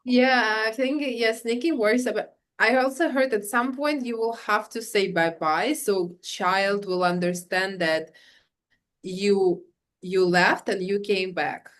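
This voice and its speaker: Chatty mom stretching words for emphasis. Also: female voice, medium pitch, slow pace, fairly bright tone. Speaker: podcast co-host, working mother. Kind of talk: casual podcast chat.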